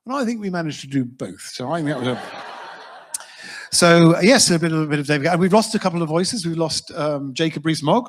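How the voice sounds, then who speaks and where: A man's voice: on the high side, expressive, fairly quick, slight background noise. A man performing live stand-up comedy, delivering wry, conversational asides between impressions. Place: live charity show venue.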